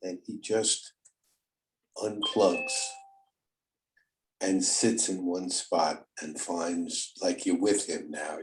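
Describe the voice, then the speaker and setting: An older man with a fairly low voice talks on a podcast. He rambles in a folksy, repetitive way, like a therapist chatting casually. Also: a little mellow, rough recording. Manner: rambling, repeats words, folksy. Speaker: host, therapist.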